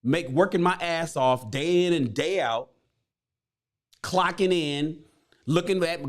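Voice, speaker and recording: A man's voice: a little high, close to an everyday voice. A man voicing a frustrated working-class chariot builder, retelling a parable in profane street slang.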